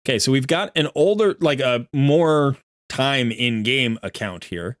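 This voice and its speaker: A man's voice: medium pitch, lively intonation, a little slow, no echo, clean studio sound. A man giving chatty, rambling live-stream commentary as he looks through a viewer's game account, often correcting himself.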